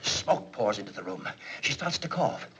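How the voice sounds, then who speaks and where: An actor playing an excitable, blustering company boss in a 1940s film comedy, swinging from stern to giddy. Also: male voice, lowish voice, normal speed. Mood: dramatic. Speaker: businessman, the boss. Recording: muffled 1940s film soundtrack with hiss.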